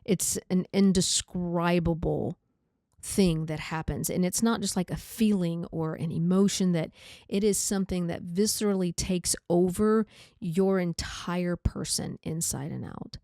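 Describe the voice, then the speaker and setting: A podcast host telling her own story, candid and halting, with many pauses and fillers. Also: on the low side, vocal fry, warm tone, no echo, studio quality. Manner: candid, halting, reflective, says like often. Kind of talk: personal storytelling.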